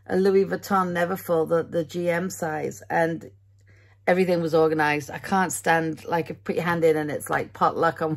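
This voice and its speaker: A British woman chatting away at home in a casual vlog, with a low voice that has a gravelly edge. She rambles from one thing to the next and keeps laughing at herself, with plenty of ums along the way. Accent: British English. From Britain. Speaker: vlogger. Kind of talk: casual day-in-the-life vlog.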